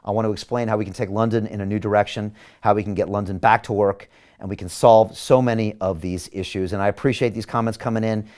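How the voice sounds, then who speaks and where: A mayoral candidate who hosts a show speaks fast in a lowish, slightly mellow voice with fairly even intonation. He gives an emphatic campaign address to viewers, firing off rhetorical questions and reading their comments aloud.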